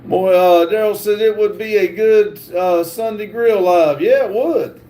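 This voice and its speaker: A middle-aged man hosting a livestream, reading viewer comments aloud haltingly and stumbling over words. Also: high-pitched, mellow. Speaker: livestream host reading chat. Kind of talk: casual live chat reading.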